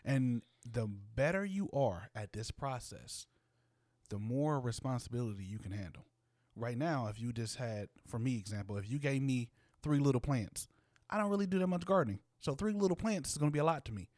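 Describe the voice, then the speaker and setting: A man's voice: medium pitch, animated, normal speed, a little mellow, no echo. Man, casual co-host, slangy, playful, dry close mic. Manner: playful, slangy, laughs often. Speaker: podcast co-host. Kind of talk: casual chat.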